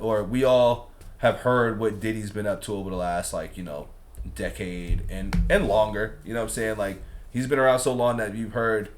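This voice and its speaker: A young man hosting a reaction channel, talking in a laid-back, slangy, rambling way. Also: on the low side. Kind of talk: casual reaction commentary.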